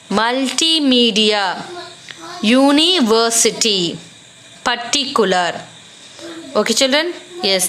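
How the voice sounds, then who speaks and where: A woman's voice: on the high side, fairly bright tone. A woman with an Indian English accent teaching an English lesson to children, reading words out one by one. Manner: slow, drawn-out word-by-word dictation to children. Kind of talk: classroom lesson.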